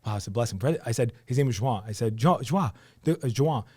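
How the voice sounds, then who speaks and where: Fast-talking young New Jersey man. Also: mid-range voice, husky, no echo, studio quality. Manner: animated storyteller, acts out quotes, many fillers. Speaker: real estate agent, podcast guest. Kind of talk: casual storytelling interview.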